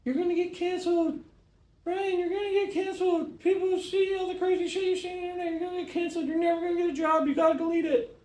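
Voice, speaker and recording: A man voicing his panicky younger brother, who nags in a shrill, rapid-fire way. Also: little pitch movement, darkish tone, a little hiss or hum. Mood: frantic. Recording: roomy, distant mic.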